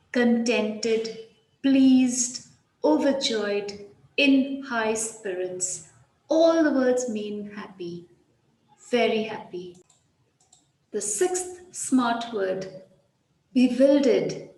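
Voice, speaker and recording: A woman teaching English vocabulary, saying each word slowly and repeating the key ones. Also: mid-range voice, darkish tone. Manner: slow, deliberate, repeats key words. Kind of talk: vocabulary lesson. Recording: roomy echo.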